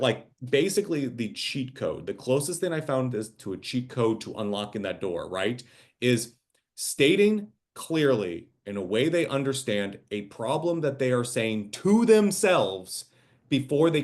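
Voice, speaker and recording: Man, co-host, casual business chat, lively and loose, lots of "right?". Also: medium pitch, moderate pace. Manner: animated, many fillers and restarts.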